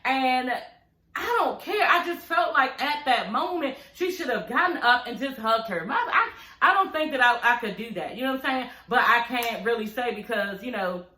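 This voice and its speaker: Sassy, bright-voiced woman vlogger. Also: fairly high pitch, moderate pace, roomy sound. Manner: sassy and animated, talking straight to viewers. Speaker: reality TV recap vlogger. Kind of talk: casual, profane recap chat.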